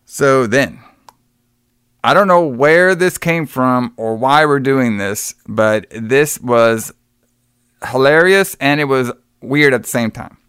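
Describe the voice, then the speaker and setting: A man's voice: medium pitch, slow, fairly bright tone, clean tone, dry recording, studio quality. A man hosting a podcast, retelling a show in a rambling, laughing, swearing chat. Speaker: podcast host.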